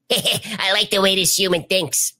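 A man's voice: sits high, fairly even intonation, takes it slowly, sharp tone, pitched above the performer's own voice, exaggerated voice. A man voicing a cheeky male talking fish who calls people human. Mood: amused.

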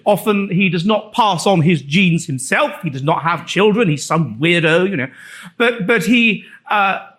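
High-voiced man giving a wry talk. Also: fairly bright tone. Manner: wry, lecturing storyteller with halting restarts. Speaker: author presenting his book. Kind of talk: live talk to an audience.

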